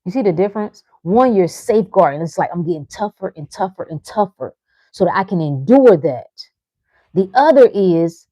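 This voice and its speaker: A woman with a low-pitched, warm and relaxed voice gives a blunt motivational talk, swearing freely. She teases her listeners and lets short laughs break up her points. The sound is close and dry, with no room in it. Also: normal speed, no room sound. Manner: frank, profane and teasing, with short laughs. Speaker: livestream host reading chat.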